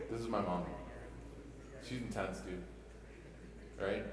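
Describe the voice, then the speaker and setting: A young man with a lowish voice gives an emotional mosque talk, mixing jokes into his stories and asking the crowd "right?" again and again. He is picked up from far off in a large, echoey prayer hall with a long reverb tail and faint room noise behind him. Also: steady tone, takes it slowly. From Egypt (family), raised in Chicago. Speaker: imam.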